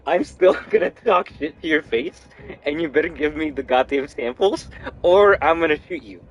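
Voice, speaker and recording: A man's voice: a little high, moderate pace, dull audio, slight background noise, lightly acted. A man doing a brash, cocky mercenary soldier. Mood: taunting. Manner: brash, swearing, taunting.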